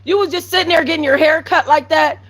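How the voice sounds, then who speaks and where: A woman's voice: sits high, fairly even intonation, fast, a bit bright. A woman hosting a casual commentary show, blunt and sassy as she talks to her viewers. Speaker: commentary channel host.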